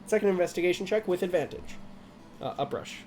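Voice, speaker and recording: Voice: medium pitch, expressive, quick pace, darkish tone, soft background music. A game master narrating a tabletop game, rambling with frequent laughter and restarts.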